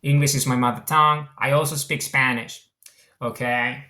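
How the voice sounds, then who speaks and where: A man from Venezuela, an author with a mixed international accent, talks about his book in a casual, earnest way, repeating and returning to his points. His mid-range voice is pushed and bright with fairly even intonation and a moderate pace, and the sound is roomy.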